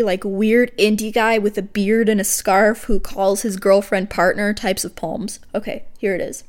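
A young woman hosting a podcast, rambling and self-mocking as she reads her own unfinished poems, dropping soft and quiet for the verses. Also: moderate pace, hardly any pauses. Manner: self-mocking and rambling, drops soft and low when reading. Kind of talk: casual self-deprecating chat with poetry reading.

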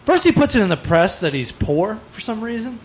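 A man's voice: sits high, sing-song, a little fast, slight background noise. A man on a podcast telling a long story in casual chat, rambling along with plenty of "like" fillers. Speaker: podcast guest.

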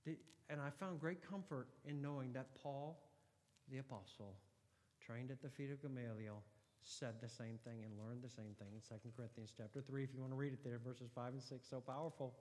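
A man delivers a sermon with passion, his voice at a middle pitch. He swings from forceful emphasis down to hushed, near-whispered lines. The sound carries a long reverb, as in a church sanctuary. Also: steady tone, fairly quick. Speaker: pastor.

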